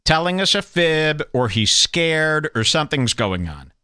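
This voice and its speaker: Guy hosting a podcast, snarky mocking commentary, bright bouncy voice. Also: a little high, sing-song, a little slow, clear, resonant tone, no room sound, studio quality. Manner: sarcastic, scoffing. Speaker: podcast host reacting to clips.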